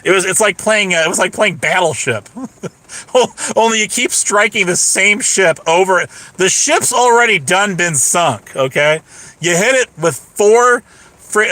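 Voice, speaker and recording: A man with a bright, fairly high voice talks to his livestream chat in a loose, rambling way. He is sarcastic and laughs often. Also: dry recording. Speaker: livestream host. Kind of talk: casual rambling livestream talk.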